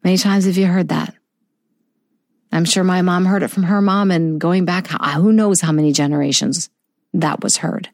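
Soft-spoken middle-aged woman, low and dry. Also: fairly even intonation, dry recording. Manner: soft, slow and heartfelt, with tender pauses. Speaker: vlogger sharing a personal story. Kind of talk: reflective personal monologue.

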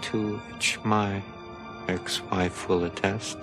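A man's voice: low voice, little pitch movement, slow pace. An actor playing a soldier aged into a weary old man, in a clip from a television drama with a swelling score under him. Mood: solemn. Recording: clip with loud music underneath.

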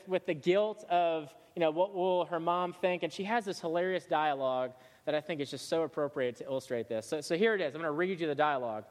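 A man delivers a sermon as a pastor, in a loose, chatty way that often doubles back on its words. His voice sits a bit on the high side. The sound carries a long reverb, as in a large church hall. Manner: casual, conversational preaching with frequent restarts.

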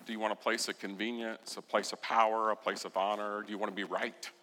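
A man preaching a sermon as pastor, telling the story with expression and acting out quoted lines, sometimes dropping to a soft, intense voice. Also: lowish voice, level tone, fast talker, long reverb tail.

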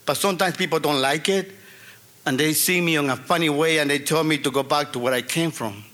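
A middle-aged man tells his own story to an audience, earnest and emphatic, leaning on repeated phrases. His voice sits high and sounds bright and forceful. He speaks as a storyteller rather than a reader. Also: fairly quick. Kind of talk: personal storytelling before an audience.

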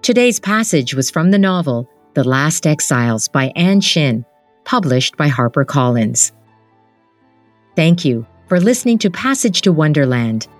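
A woman host calmly reading a novel excerpt aloud, in a gentle storytelling manner. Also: low-pitched, measured pace, no room sound, soft background music. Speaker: podcast host and reader. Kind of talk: scripted narration.

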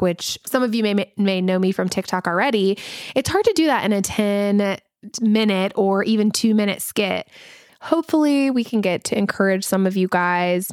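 A woman's voice: mid-range voice, smooth, no echo, studio quality. A woman in her thirties with a Southern US accent, hosting a podcast from home in a casual, chatty way, laughing often and sprinkling in ums and likes. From American South. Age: 30s. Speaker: podcast host. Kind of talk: casual chat. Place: home, recording at night. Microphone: podcast microphone.

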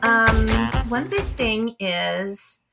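A woman's voice: fairly high pitch, lively intonation, very slow, vocal fry, over loud music. A woman co-hosting a podcast in casual chat, from Canada, who giggles often and talks in a bubbly way. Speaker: podcast co-host.

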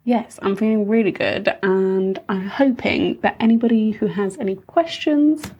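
A woman co-hosts a student podcast in a relaxed, friendly tone. Her voice is husky and breathy. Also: mid-range voice, normal speed, muffled recording. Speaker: podcast co-host, osteopathy student. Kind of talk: casual chat and podcast sign-off.

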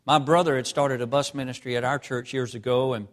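A man from North Carolina preaching a storytelling sermon, his voice falling to a tearful hush and rising to loud, fervent emphasis. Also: mid-range voice, steady tone, brisk. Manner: reads scripture in an old-fashioned cadence.

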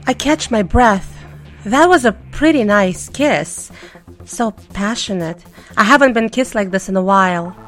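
A woman's voice: medium pitch, animated, measured pace, soft background music. A woman narrating a first-person audio story in a playful, teasing way.

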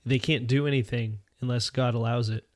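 A man's voice: medium pitch, fairly even intonation, a little fast, darkish tone, dry recording. Man, podcast co-host, earnest, restarts a lot, dry close sound. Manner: earnest, thinks aloud with many restarts and asides. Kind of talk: casual faith discussion.

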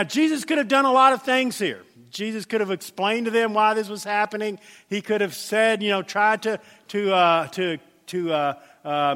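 A male pastor preaching with a high, bright-pitched voice. He speaks with animation, acting out quoted voices and sometimes stumbling through restarts. The sound carries a long reverb from a church sanctuary. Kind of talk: sermon.

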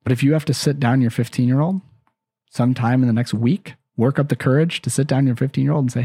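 A man with a mellow, slightly husky voice hosts a parenting podcast and speaks in an earnest, chatty way. He often repeats and restarts his phrases. The sound is dry and close, with no room echo. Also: mid-range voice, steady tone, quick pace. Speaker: parenting podcast host and counselor. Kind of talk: casual advice talk.

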